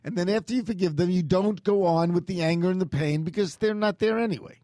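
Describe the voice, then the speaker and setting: A man in his sixties hosting a radio interview. He is blunt and tends to repeat himself as he begins a thought. His voice is slightly high for a man, and the studio sound is dry. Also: fast, dark tone, no room sound. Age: 60s. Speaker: radio host.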